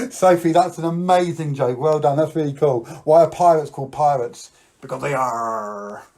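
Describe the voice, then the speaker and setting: A man's voice: fairly high pitch, moderate pace, mellow. A man hosting a live-streamed show, chatting playfully with viewers while doing card tricks and telling silly stories. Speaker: magician and live show host.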